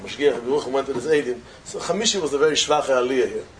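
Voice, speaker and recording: A man giving an informal religious talk before the holiday, animated and switching between Hebrew and Yiddish terms, building up to emphatic peaks. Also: mid-range voice, quick pace, background noise. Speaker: religious speaker.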